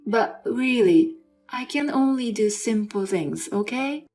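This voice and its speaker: A woman's voice: on the high side, animated, slow pace, a little mellow, soft background music, pitched above the performer's own voice. A woman reading an exasperated, sarcastic wife. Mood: hesitant. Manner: incredulous and sarcastic. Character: young wife with an injured arm, exasperated. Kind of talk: dramatized story reading.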